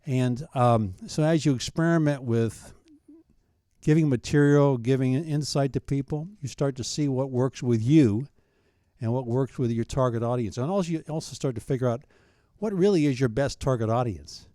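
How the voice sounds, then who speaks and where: Mellow, earnest man in his fifties. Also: medium pitch, moderate pace, no room sound, studio quality. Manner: thoughtful, earnest, often restarts phrases. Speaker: guest, founder of a coaching ministry. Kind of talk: interview answers.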